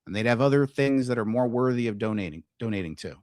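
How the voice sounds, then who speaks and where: A man hosting a livestream, talking straight at his chat in a combative, foul-mouthed rant. His voice sits at a middle pitch and sounds dry and close, with no room around it. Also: expressive, fast talker, darkish tone, dry recording. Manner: profane, combative ranting at chat. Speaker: livestream commentary host. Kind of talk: livestream commentary.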